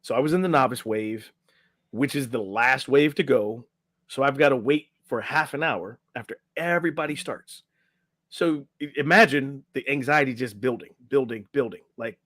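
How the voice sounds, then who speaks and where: A middle-aged man tells a story with energy and slips into quick voices for the people in it. His delivery sits at an ordinary pitch, and the dry, close recording carries almost no room sound. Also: dry recording. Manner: animated storyteller acting out quotes, filler "right?". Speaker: podcast guest, health and life coach. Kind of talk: casual storytelling interview.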